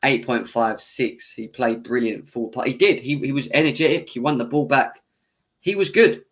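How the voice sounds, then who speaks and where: A man's voice: medium pitch, normal speed, fairly bright tone. A young man hosting a football fan live stream, hot-tempered and swearing as he argues with viewers in the chat. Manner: heated, swearing, arguing with chat; laughs off his own bias. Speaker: football fan channel host. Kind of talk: live-stream match reaction rant.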